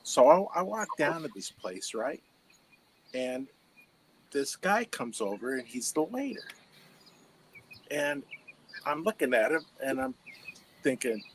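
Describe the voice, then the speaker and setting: A man from Southern California, a guest actor, telling an animated travel story with restarts. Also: mid-range voice, takes it slowly, long pauses, a little hiss or hum, low-quality recording. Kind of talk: casual anecdote.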